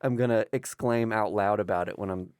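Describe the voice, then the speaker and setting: A man with a lowish voice talks through comics in loose, joking podcast banter, now and then dropping a swear. The sound is dry and close, with no room around it. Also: fairly quick, clean tone, dry recording. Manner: animated, joking, swears casually. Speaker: podcast co-host. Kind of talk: casual chat about comics.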